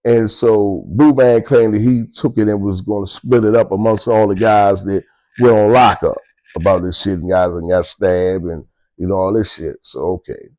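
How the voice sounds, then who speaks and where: Telling stories about prison straight to the camera, an older man with a Baltimore accent keeps it casual, street-smart and profane, chuckling as he goes. His lowish, dark voice moves at a moderate pace with fairly even intonation, and the audio quality is poor.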